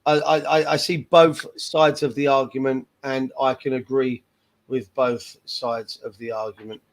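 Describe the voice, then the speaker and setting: A man hosting a casual football fan podcast, often pausing and restarting his sentences. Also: medium pitch, little pitch movement, rough recording. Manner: hesitant, restarts with repeated words. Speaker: podcast host. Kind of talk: casual chat.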